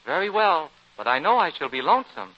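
A man's voice: a little high, sing-song, fairly quick. A man playing a prim, naive boy heir in a sing-song manner, in 1940s radio comedy. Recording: dull old radio recording with faint hiss.

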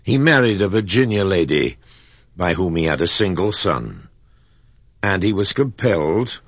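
Husky, low-voiced male narrator reading a classic story, unhurried and dry. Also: very animated, fairly bright tone, no room sound, highs cut off.

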